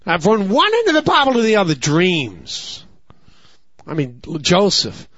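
A middle-aged male pastor preaches in a high, lively voice, leaving questions for the congregation to answer. He swings between ringing emphatic peaks and hushed low asides. The recording is dry and a little dull. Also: measured pace, dry recording. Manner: preaching with call-and-response questions. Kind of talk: sermon. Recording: slightly dull, dry sound.

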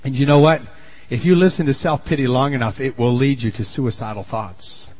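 A man preaching a sermon in a folksy storytelling way, dropping to low asides and then shouting for emphasis. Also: fairly quick, highs cut off.

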